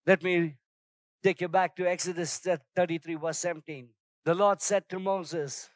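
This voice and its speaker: High-voiced preaching man, dry sound. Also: dry recording. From outside Singapore, first trip abroad. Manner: storytelling, animated shouts in anecdotes. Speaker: pastor. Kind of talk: sermon.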